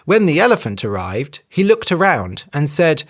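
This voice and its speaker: A teacher reading a children's story for English learners in a clear, expressive voice. The telling rises and falls in a lively way, at a middle pitch. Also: normal speed.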